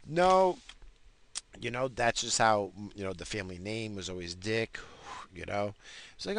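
A man's voice: medium pitch, measured pace, bright, forceful tone. A man hosting a podcast, rambling casually with crude, profane jokes. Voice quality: gravelly. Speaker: podcast host.

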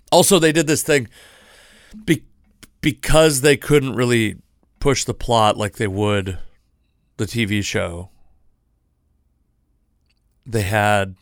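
A man's voice: on the low side, dry recording, clean studio sound. Rambling self-deprecating man in his thirties. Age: 30s. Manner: rambling, self-deprecating, lots of fillers and restarts. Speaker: podcast host. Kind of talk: casual solo podcast talk.

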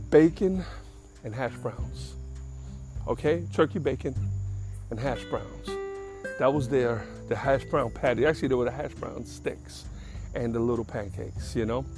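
An older man from the Bronx, a podcast host telling a casual story in a blunt, streetwise and profane way. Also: mid-range voice. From the Bronx, New York.

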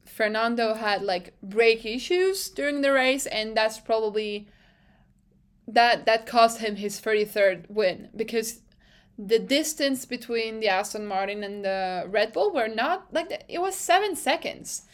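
A young woman hosting a casual podcast recap, chatty and excitable, swearing freely and often restarting her phrases. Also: fairly high pitch, a little slow. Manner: self-interrupting, restarts phrases. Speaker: podcast host.

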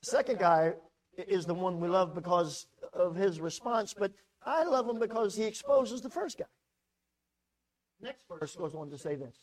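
A male pastor delivering a sermon in an emphatic, animated way. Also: sits high, normal speed, poor audio.

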